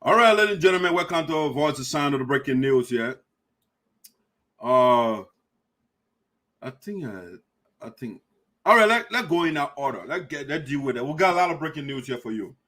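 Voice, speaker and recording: A man hosts his community show with a high voice that rises and falls dramatically. He hammers his points home with fiery, accusatory repetition and occasional shouting. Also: animated, moderate pace, pauses often. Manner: fiery and accusatory, repeating lines for emphasis, sometimes shouting. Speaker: host of a diaspora community show. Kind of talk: impassioned political commentary.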